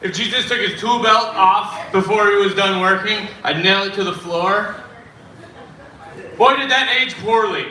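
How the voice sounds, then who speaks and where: Bright-voiced comic with a dry delivery. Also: male voice, sits high, a little slow. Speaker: stand-up comedian. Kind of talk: open mic stand-up set. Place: dive bar comedy room. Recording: echoey bar room, distant mic.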